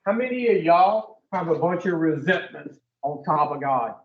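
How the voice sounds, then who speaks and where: With a fairly high pitch, lively intonation and a moderate pace, a man runs an addiction recovery group like a sermon, firing blunt, profane questions at the room. The recording comes from a distant, muffled mic in an echoey space.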